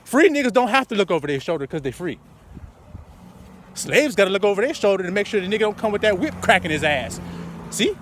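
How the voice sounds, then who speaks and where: A man preaching loosely and profanely outdoors, swinging from muttering to loud outbursts. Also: high voice, big pitch swings, fast, slight background noise. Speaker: street preacher.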